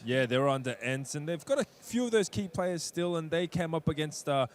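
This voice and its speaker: A man's voice: a little high, expressive, fairly quick, a little hiss or hum. Young man hosting esports commentary. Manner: friendly, hosting, sets up context and asks co-caster questions.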